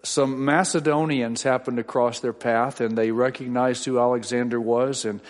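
A middle-aged man preaches in a homey, wry storytelling manner, circling back and restarting as he goes. His voice sits at an ordinary middle pitch. It rings out with a long reverb, as in a church sanctuary. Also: steady tone, normal speed. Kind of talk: sermon with personal anecdotes.

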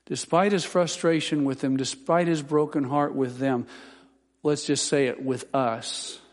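A man preaching a sermon as pastor, building from calm teaching to emphatic, impassioned peaks. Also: on the high side, unhurried, big-room sound.

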